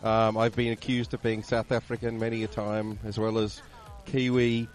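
A man's voice: fairly low pitch, level tone, moderate pace, faint music behind. A man with an Australian accent in casual radio chat, dry and jokey, telling anecdotes.

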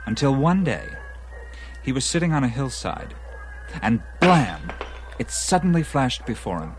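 A man's voice: mid-range voice, very animated, a little slow, soft background music, poor audio. A man playing an eager dinner guest who lectures at length about ancient mysteries, often between bites of food. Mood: lecturing. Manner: eager lecturing, talks while eating. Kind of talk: film dialogue.

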